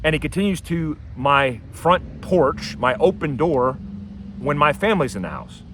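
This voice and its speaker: A man telling a personal story to camera outdoors, casual and animated, acting out what people said. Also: a little high, normal speed, slight background noise. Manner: animated, acts out quotes in a raised voice. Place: outdoors by his house and driveway.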